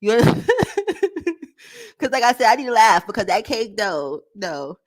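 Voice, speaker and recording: Loud laughing woman vlogger. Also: medium pitch, expressive, unhurried. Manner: loud, laughing, profane rants. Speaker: vlogger reacting to a clip. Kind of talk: casual livestream chat.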